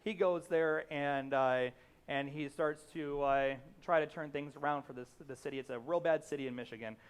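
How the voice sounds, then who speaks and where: A young pastor with a slightly high, smooth voice preaches at a normal speed, treating the sermon like a relaxed conversation. He relies on fillers and restarts, and while retelling a scene he slips into the quoted lines of its characters.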